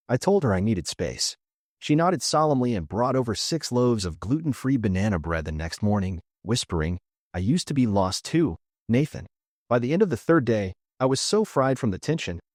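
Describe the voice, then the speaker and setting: A man's voice: medium pitch, a little mellow, dry recording. A young man narrating a scripted comic story in a dry, sarcastic way.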